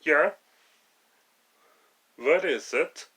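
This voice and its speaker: A man's voice: fairly high pitch, extremely slow, pushed and bright, husky, heavily acted. A man voicing a sulky friend who grumbles about what is on TV. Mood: grumpy. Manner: bored, grumbling.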